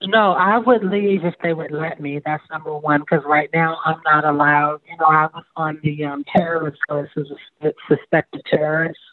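A woman's voice: sits low, steady tone, moderate pace, hardly any pauses. Woman from Baltimore, phone-interview guest, earnest and rambling, narrow phone-line sound. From Baltimore, United States. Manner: earnest, rambling, repeats and restarts often. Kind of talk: phone interview, personal account. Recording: tinny phone line, dry.

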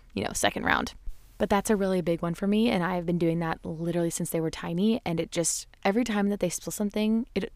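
Chatty young mom, lowish dry voice. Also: female voice, darkish tone, no room sound. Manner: chatty and candid, full of "like" and "you know"; acts out her children's voices in quotes. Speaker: parenting podcast host. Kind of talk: casual chat.

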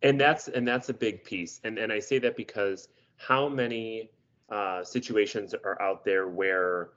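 Low-pitched man musing in casual chat. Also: steady tone, measured pace, a bit bright, lo-fi sound. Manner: thoughtful, agreeable, lots of "right?". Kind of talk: casual podcast discussion.

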